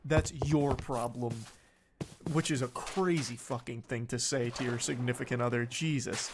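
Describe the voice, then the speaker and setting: A man's voice: mid-range voice, moderate pace, creaky, background noise. A man doing reaction commentary, reading text messages aloud in a sarcastic, incredulous way and swearing freely. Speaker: online commentator.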